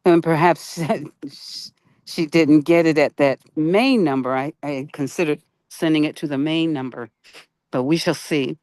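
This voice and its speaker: A broadcast host giving an unscripted spiritual talk on peacemaking, halting and searching for words, asking the listener questions. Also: mid-range voice, a little mellow, no room sound.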